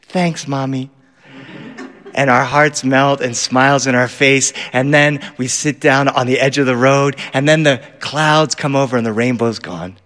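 A middle-aged man telling a story live, animated, acting out voices and bursting into shouts. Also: medium pitch, moderate pace, hardly any pauses. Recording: live hall reverb.

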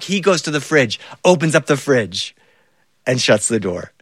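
A man telling a personal childhood story in an animated way, with dramatic pauses, in a recording studio. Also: medium pitch, breathy edge, no room sound. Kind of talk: live-style personal storytelling.

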